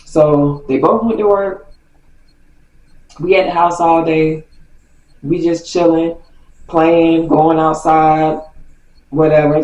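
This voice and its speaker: Storytime vlogger, woman: animated, self-correcting, laughs through it; roomy echo, distant mic. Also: sits low, a little hiss or hum. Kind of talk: casual storytime.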